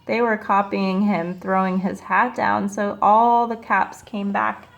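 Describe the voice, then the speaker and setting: A woman teacher reading a picture book aloud to children, slow and expressive, stopping to ask them questions. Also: mid-range voice, vocal fry, lo-fi sound.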